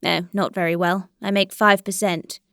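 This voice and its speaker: A woman reading the lines of an earnest male landowner who asks plain, quiet questions, in a dry recording. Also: lowish voice, steady tone, moderate pace, gravelly, dry recording.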